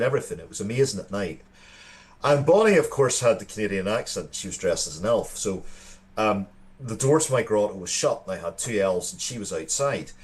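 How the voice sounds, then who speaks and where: Irish male co-host, thirties, low register, sincere storyteller. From Ireland. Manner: earnest storytelling with frequent restarts. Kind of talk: casual chat.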